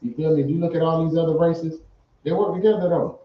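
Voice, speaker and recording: A man's voice: on the high side, quick pace, highs cut off. Emphatic man, distant roomy sound. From Fayetteville, born in Savannah, Georgia. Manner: animated, emphatic, swears freely. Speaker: guest artist. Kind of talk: casual interview chat.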